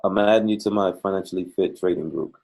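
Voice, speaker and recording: A man with a husky, slightly breathy voice runs a live trading call. He jokes and encourages callers in a folksy, easygoing way. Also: low voice, fast, darkish tone. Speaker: trading coach hosting a call.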